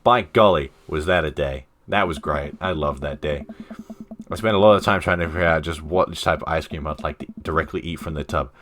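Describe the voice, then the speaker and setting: Man, game streamer, deep voice, playful, self-mocking, reads dialogue aloud. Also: a little fast, fairly bright tone, a little hiss or hum. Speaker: streamer playing a dating game. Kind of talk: casual let's-play commentary, reading dialogue aloud.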